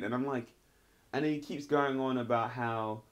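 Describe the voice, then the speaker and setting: Speaking a little slowly in a steady, medium-pitched voice, this man gives a casual, rambling review of a TV episode. His talk is full of "like" and "sort of."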